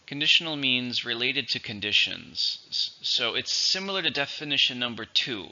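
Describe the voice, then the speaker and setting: A man teaching English vocabulary, going through each word methodically and repeating it slowly for its syllables and stress. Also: mid-range voice, bright, forceful tone, dull audio. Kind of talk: vocabulary lesson.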